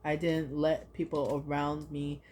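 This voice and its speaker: Woman in her 30s doing a card reading, low mellow voice, rambly and heartfelt. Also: flat delivery, unhurried, a little hiss or hum. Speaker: tarot and oracle card reader. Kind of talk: casual spoken card reading.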